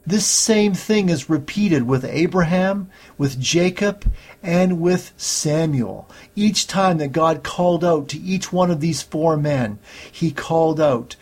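A man preaching a sermon, teaching slowly and steadily through Bible passages. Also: on the high side, a little mellow. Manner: slow, measured Bible teaching with scripture readings.

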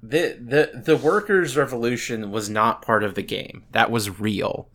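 A woman's voice: rumbling low, measured pace, a bit bright. A woman co-hosting a podcast, chatting casually with dry, offhand remarks. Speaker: podcast co-host. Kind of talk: casual chat.

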